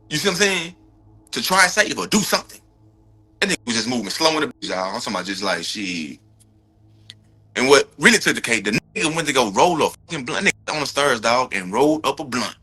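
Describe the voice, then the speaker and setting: A man's voice: medium pitch, very animated, brisk, bright, forceful tone, slightly rough. A man, a victim's brother, angrily retelling events in a casual, profane, emphatic way, often repeating himself for stress. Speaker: brother of a victim giving a court update.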